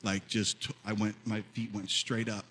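A man in his fifties preaching a sermon as pastor, telling a story and then rising to loud, fervent preaching. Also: lowish voice, level tone, normal speed, slight background noise, rough recording. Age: 50s.

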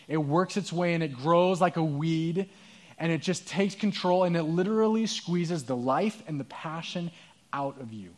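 Man, pastor, sermon, earnest storyteller, slightly high pitch.

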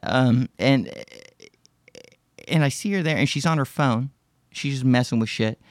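A man's voice: medium pitch, measured pace, dry recording, clean studio sound. A man casually telling a story on a podcast, rambling and profane, with many restarts and fillers. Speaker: podcast host.

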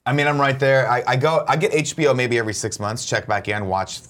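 A man's voice: medium pitch, fast, a bit bright. A man co-hosting a talk show, chatting casually in a rambling, irreverent way and swearing freely. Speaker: show co-host. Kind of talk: casual chat.

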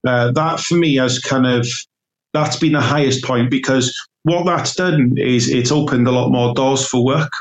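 A man's voice: medium pitch, normal speed, low-quality recording. A man, a self-employed decorator, chatting casually on a podcast and telling stories with lots of fillers and restarts. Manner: chatty, warm storytelling with many fillers and restarts.

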